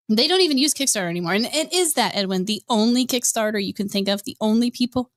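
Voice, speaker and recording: A woman's voice: on the high side, animated, fast talker, few pauses, fairly bright tone. A woman hosting a podcast, ranting in a blunt, profane and sarcastic casual way. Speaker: podcast host.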